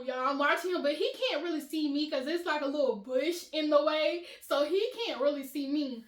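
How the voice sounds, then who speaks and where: A young woman vlogger telling a casual storytime to her viewers, chatty and animated, often laughing and addressing them as y'all. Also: high-pitched. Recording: roomy echo.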